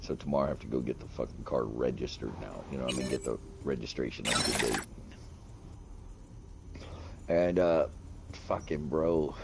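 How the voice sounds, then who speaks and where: A man streaming a game, telling a long story in casual, profane chat with lively retold quotes. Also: a bass voice, creaky, slight background noise. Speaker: gaming streamer. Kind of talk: casual chat while gaming.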